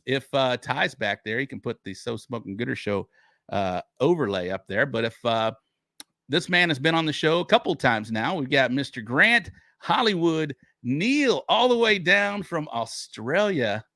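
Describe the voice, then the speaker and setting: A man's voice: medium pitch, expressive, normal speed, bright, forceful tone, no room sound, clean studio sound. A man hosting a casual live stream, laid back, laughing often and reading out viewer questions. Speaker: show host.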